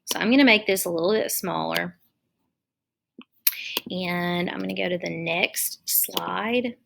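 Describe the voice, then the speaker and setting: Slow, bright-voiced woman teacher. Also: on the low side, vocal fry, slight background noise. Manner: slow, deliberate dictation, spelling words aloud letter by letter. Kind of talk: online lesson for young children.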